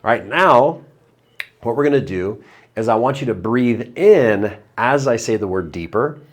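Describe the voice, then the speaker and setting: A man teaching hypnosis in a video lesson, chatty between guided breathing cues, then slowing into a low, drawn-out voice for suggestions. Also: animated. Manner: drops into slow low trance voice for suggestions; conversational, upbeat between demonstrations.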